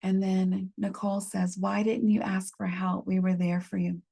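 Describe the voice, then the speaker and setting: A woman leading a support group through a gentle guided reflection, calmly reading out messages from the chat. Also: medium pitch, vocal fry, breathy edge. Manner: gentle, unhurried, reads chat messages aloud. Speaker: medium leading a healing workshop.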